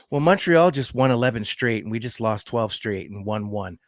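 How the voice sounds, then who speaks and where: A man's voice: fairly low pitch, moderate pace, hardly any pauses, no echo, studio quality. A young man co-hosting a podcast, rambling with many fillers and swearing. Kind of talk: casual chat.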